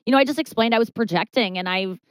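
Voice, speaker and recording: A woman's voice: fast, clear, resonant tone, dry recording, poor audio. A woman comedian, a talk-show guest, telling a candid story with swearing and stammered restarts, her voice leaping up when she quotes people. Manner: animated, jumps high when quoting herself and others, swears, stammers.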